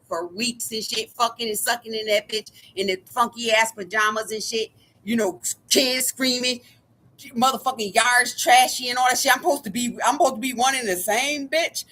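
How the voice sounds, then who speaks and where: Woman vlogger, high bright voice, furious profane rant that keeps circling back on itself. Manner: angry, profane, keeps repeating "like I said". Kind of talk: ranting monologue to camera.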